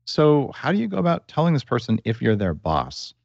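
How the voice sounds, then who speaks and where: A man's voice: mid-range voice, wildly swooping pitch, brisk, vocal fry, darkish tone, dry recording, lo-fi sound. A man hosting a podcast interview, asking direct, probing questions in a casual conversational way. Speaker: podcast host.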